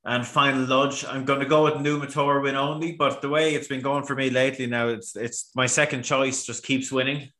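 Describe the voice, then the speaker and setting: Man, racing tipster, bright voice, echoey room, relaxed, self-mocking. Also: mid-range voice, brisk, few pauses. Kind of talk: casual tipping chat.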